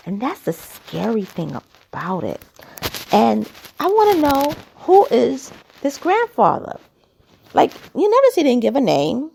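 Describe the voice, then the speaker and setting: A woman's voice: a little high, gravelly. A woman talking through casual, opinionated commentary, asking skeptical rhetorical questions, her throat a little dry. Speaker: commentary vlogger.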